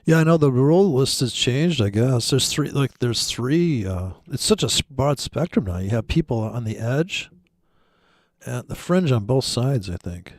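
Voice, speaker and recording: A man's voice: mid-range voice, animated, moderate pace, no room sound. A man from Michigan chatting casually, joking and rambling with many restarts. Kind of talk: casual chat.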